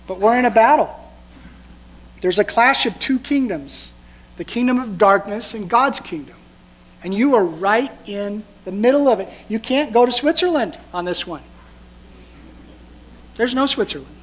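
A male pastor with a notably high voice, preaching a sermon. He talks conversationally but with emphasis, and keeps firing rhetorical questions at the congregation. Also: animated, normal speed, pauses often, rough recording.

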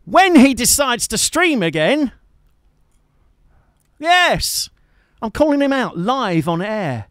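A live-streaming guitarist hosts a music stream from his home setup, chatting casually and teasing his viewers with jokes and fond asides. His voice is very high-pitched, fairly bright and sing-song, slow with long pauses, in studio-quality sound with no room noise.

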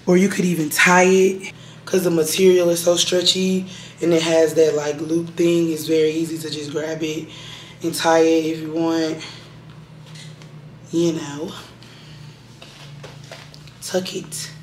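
A young woman vlogger with a raspy, strained voice, chatting casually to her viewers at home and calling them y'all. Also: low voice, flat delivery, unhurried, slight background noise. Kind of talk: casual chat to camera. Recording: roomy echo.

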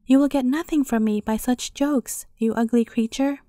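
An angry, grieving mother who scolds with scorn, as the reader puts her on. The voice is raised and dark-toned. The sound is dry and close. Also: sits high, steady tone, moderate pace, dry recording, lightly acted. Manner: scolding, sharp-worded.

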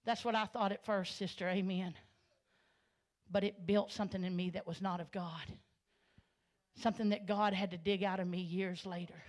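A woman's voice: medium pitch, steady tone, moderate pace. Woman preaching a heartfelt church testimony. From Arkansas. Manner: storytelling, swells to loud passionate preaching. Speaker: guest speaker giving testimony. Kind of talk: Pentecostal sermon testimony. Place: church sanctuary.

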